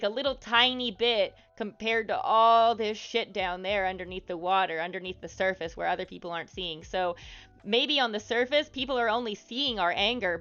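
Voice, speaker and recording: Her voice is mid-range and a bit bright as she hosts a livestream, giving social advice in a loose, rambling manner. She swears casually, speaks frankly, and fills her talk with "like" and "um." The audio is slightly muffled, with faint music in the background.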